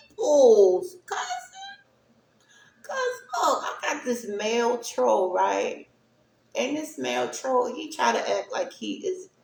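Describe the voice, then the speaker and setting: A woman's voice: fairly high pitch, creaky, slight background noise. A woman giving a casual spiritual monologue to her stream viewers, rambling and often asking "right?" to check in with them. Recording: echoey room.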